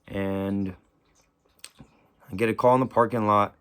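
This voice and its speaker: A young man talks to camera in casual, slang-heavy speech. His voice sits low and comes through smooth and clean. He sounds subdued and grieving, often breaking off and restarting his sentences. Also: fairly even intonation, unhurried, a bit bright. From San Francisco Bay Area. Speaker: vlogger telling a personal story.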